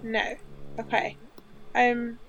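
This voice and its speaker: A woman's voice: fairly high pitch, little pitch movement, extremely slow, highs cut off, slight background noise. A woman playing a tabletop game, hesitant and full of ums as she speaks to characters. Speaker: player. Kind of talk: casual tabletop play.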